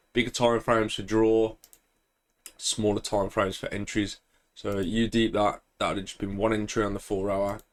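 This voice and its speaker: Young man, fairly low voice, laid-back chart commentary with self-praise and filler words. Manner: relaxed, chatty, self-congratulating, many ums and throat clearing. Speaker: forex trader. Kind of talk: casual screen-share market commentary.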